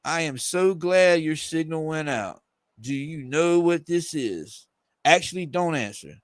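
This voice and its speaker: A menacing male villain taunts a young heroine, as a man reads his lines aloud. The voice sits a bit high for a man. The sound is dry, with no room around it. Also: animated, measured pace, no echo. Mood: taunting. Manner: reading aloud from a comic page.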